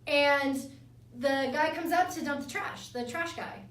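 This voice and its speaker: A high-voiced woman teases her co-host and tells stories with lively energy, swearing often. She sits a bit back from the mic, and the room adds a clear echo. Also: measured pace, far from the mic. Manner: teasing, animated storytelling, lots of swearing. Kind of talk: casual banter.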